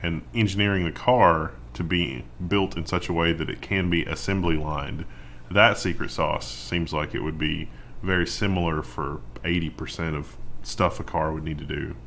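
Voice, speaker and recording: A man co-hosting a casual tech news chat, easygoing and quick to laugh. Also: low voice, steady tone, gravelly, fairly bright tone, a little hiss or hum.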